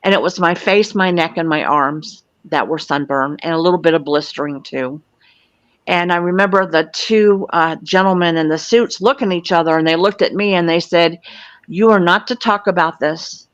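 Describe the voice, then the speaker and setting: A woman's voice: lowish voice, moderate pace, dry recording. A woman in her sixties from Florida, a guest recounting a personal experience in an earnest, matter-of-fact way. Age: 60s. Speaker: guest, UFO field investigator. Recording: dull lo-fi, dry.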